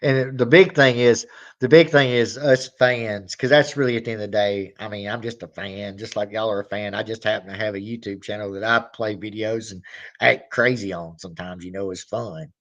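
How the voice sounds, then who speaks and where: A man's voice: lowish voice, fairly even intonation, a little fast, muffled recording. A man hosting his reaction channel, chatting casually and rambling, now and then acting out little skits. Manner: rambling, drawling, acts out skits with mock shouting.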